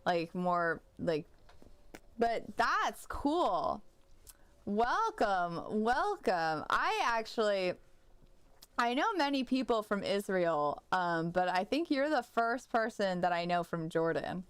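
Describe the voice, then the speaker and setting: A young woman talks loosely to her viewers while she games, drifting from one thought to the next and stacking up "like" and false starts. Her voice comes through smooth and clean. The sound is dry and close, with no room echo. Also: medium pitch, very animated, takes it slowly. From United States. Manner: rambling and chatty, full of "like" and restarts. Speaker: streamer. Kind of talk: casual live-stream chat while gaming.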